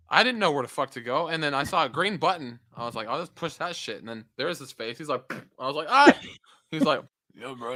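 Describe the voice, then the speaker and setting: This podcast co-host talks in a loose, animated way, swearing freely while telling stories over a video call. The voice swings widely in pitch and has a bright, forceful edge. The sound is dry and close. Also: no echo. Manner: animated storytelling, swears a lot. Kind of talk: casual chat.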